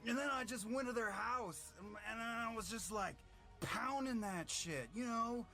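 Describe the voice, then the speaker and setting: A man's voice: very high voice, unhurried, gravelly, pushed and bright, faint music behind, exaggerated voice. Beau, a man playing a crude brawler woman. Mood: brash. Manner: rambling, profane, stumbling over words. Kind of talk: improvised game retelling.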